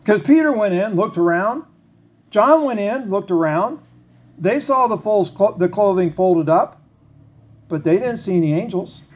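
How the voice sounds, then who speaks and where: A man with a fairly high voice preaching a sermon. He reads scripture slowly with pauses, then talks it through plainly and conversationally, asking the listeners questions. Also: animated. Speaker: pastor.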